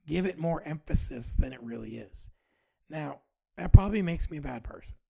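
Man in his forties, very gravelly voice, dark tone, earnest personal podcast monologue. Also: medium pitch. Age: 40s. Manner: earnest, halting, restarts often. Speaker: podcast host.

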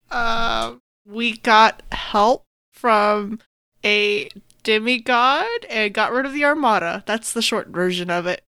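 A woman's voice: fairly high pitch, takes it slowly, pushed and bright, clear, resonant tone, dry recording. A woman playing in a tabletop game, casual and giggly. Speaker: player.

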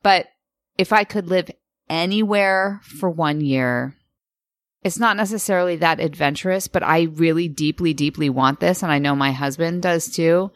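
Deep-voiced American woman, animated podcast chat. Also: normal speed, no room sound, clean studio sound. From United States. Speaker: podcast co-host.

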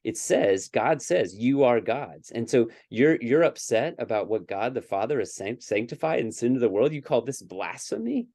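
A man's voice: medium pitch, sing-song, moderate pace, gravelly, hardly any pauses, darkish tone, dry recording. A man co-hosting a casual scripture discussion, earnest and thinking aloud with many fillers and restarts. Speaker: podcast co-host.

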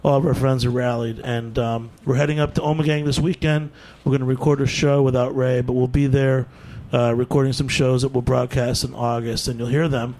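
A man with a mid-pitched, easygoing voice hosts a beer radio show. He chats casually with his guests and runs through event plugs in a brisk, upbeat way. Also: little pitch movement, a little mellow. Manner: upbeat, laughs easily, quick plug-filled wrap-up. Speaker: radio podcast host. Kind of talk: casual radio chat and announcements.

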